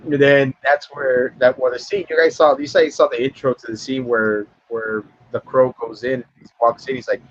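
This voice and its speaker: A man casually retelling a film scene for a podcast, rambling and profane, stumbling over words and jumping into high voices to act out characters. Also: fairly even intonation, normal speed, hardly any pauses, lo-fi sound. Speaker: podcast co-host. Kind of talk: casual film review chat.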